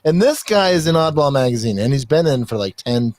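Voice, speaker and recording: A man's voice: mid-range voice, animated, brisk, darkish tone, no echo. A man hosting a podcast in casual chat, reading contributor bios aloud in a rambling, joking way that is full of swearing and laughter. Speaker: podcast host.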